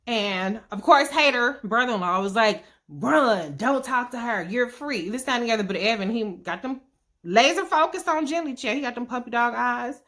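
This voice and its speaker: A woman with a fairly high, bright and forceful voice talks through a TV recap in a loose vlog style. She swears freely, chats straight to her viewers and slips into quick acted-out voices for the people she quotes. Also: expressive. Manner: profane, chatty, acts out quotes. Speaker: TV episode recap host.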